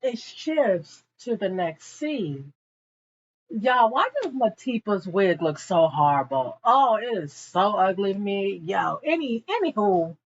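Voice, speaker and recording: A young woman gossips her way through an episode recap, speaking slowly with a very lively, swooping pitch. She drops frequent asides to her viewers. The recording sounds a little muffled and lo-fi. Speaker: TV show reviewer.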